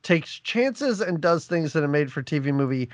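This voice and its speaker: A man's voice: fairly high pitch, lively intonation, moderate pace, no room sound. A man co-hosting a podcast, friendly and rambling, joking about his own mistakes. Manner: friendly, rambling, self-deprecating. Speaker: podcast co-host. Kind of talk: casual podcast chat.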